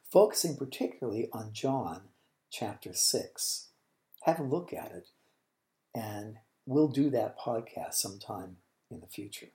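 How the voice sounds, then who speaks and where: A man hosting a Bible teaching podcast, explaining scripture in an unhurried, thoughtful way and dropping to a whisper for quoted lines. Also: medium pitch, darkish tone, reverberant.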